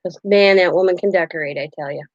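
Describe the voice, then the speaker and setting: A woman's voice: on the low side, fast, no room sound, dull audio. An older woman chatting casually on her live craft stream, laughing often and acting out quoted voices. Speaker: craft channel host.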